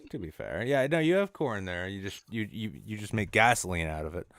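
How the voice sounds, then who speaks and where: A man's voice: lowish voice, very animated, fairly quick, fairly bright tone, dry recording. A man doing an improvised comedy bit, rambling in a mock-serious tone with lots of restarts. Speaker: podcast co-host.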